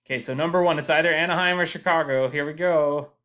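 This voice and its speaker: A man's voice: fairly high pitch, fairly even intonation, fast talker, fairly bright tone. A man hosting a live reaction podcast, emotional and dejected, groaning and sighing as his voice swings up and down. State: dejected, heartbroken. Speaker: podcast host.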